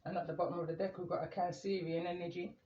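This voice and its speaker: A man doing a calm, meandering tarot reading, reading the cards aloud as he draws them. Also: sits high, quick pace, slight background noise. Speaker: tarot reader. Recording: echoey room, muffled lo-fi sound.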